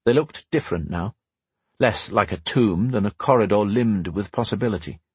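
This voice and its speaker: Low husky male narrator. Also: a little mellow, dry recording. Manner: measured storytelling, slowing for dramatic beats. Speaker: audiobook narrator. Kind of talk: scripted fantasy narration.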